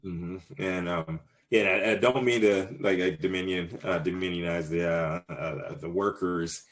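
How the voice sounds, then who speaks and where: A man's voice: low voice, steady tone, a little slow. A man in his thirties answering interview questions casually, rambling with many fillers and restarts. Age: 30s. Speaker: cannabis business owner, guest.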